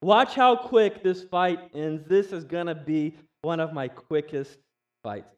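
A man calling a boxing fight live, excited and breaking into shouts. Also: on the high side, slow. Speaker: boxing commentator.

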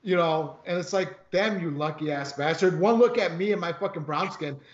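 A man in casual podcast chat, telling animated, profane stories about work. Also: a little high, normal speed. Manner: animated storyteller, swears a lot. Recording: echoey, dull lo-fi sound.

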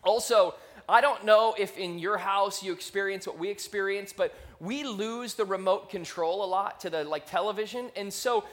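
Male pastor, 30s, high voice, conversational sermon with animated outbursts, handheld mic. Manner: conversational, animated storytelling with quick rises in volume. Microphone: handheld microphone.

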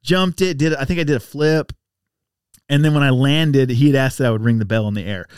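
A man's voice: medium pitch, fairly quick, clear, resonant tone, dry recording, clean studio sound. A man guest on a podcast, telling a casual story and acting out the other people's voices. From Texas. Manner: animated, acts out voices in anecdotes. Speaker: podcast guest, bike rider.

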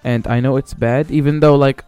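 A man hosts a solo podcast, talking off the cuff with plenty of swearing and false starts. His voice is smooth and sits dry and close on the mic. Quiet music runs underneath. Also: mid-range voice, fairly even intonation, normal speed, dry recording. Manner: rambling, swearing, lots of fillers and restarts. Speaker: podcast host. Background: faint background music.

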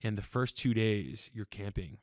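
A man's voice: fairly low pitch, expressive, moderate pace, a little mellow, no echo, studio quality. A young man talking casually on a podcast, earnest and rambling, laughing often and with fillers. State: tearful. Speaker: podcast guest.

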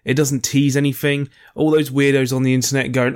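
A man's voice: mid-range voice, little pitch movement, brisk, a little mellow. A man co-hosting a casual review chat, blunt and swearing offhandedly. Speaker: podcast co-host reviewing TV.

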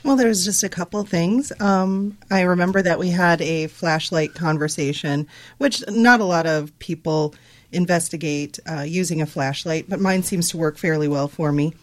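A woman's voice: fairly low pitch, normal speed. A woman co-hosting casual radio talk, recounting events in a plain, hesitant way with fillers. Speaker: paranormal investigator co-host.

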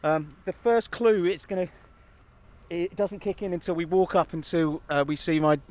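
A man's voice: high-pitched, normal speed, a little mellow. Rambling man in a park. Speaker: co-host, guide of the walk. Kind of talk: casual outdoor walking chat. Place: outdoors in a city park.

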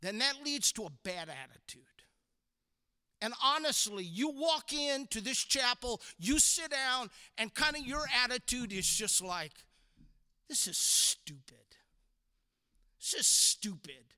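A man delivers a lively sermon to young listeners in a chapel. His voice sits high and rings bright and sharp. A long reverb trails behind every phrase. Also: a little slow, smooth. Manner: animated, dramatic, acts out quoted voices. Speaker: chapel speaker. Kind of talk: youth chapel sermon with storytelling. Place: school chapel.

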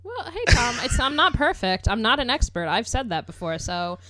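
A woman's voice: fairly high pitch, moderate pace, no echo. Woman co-host, easygoing chatter full of "like", dry close mic. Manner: relaxed, filler-heavy, laughs along. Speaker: podcast co-host. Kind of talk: casual chat.

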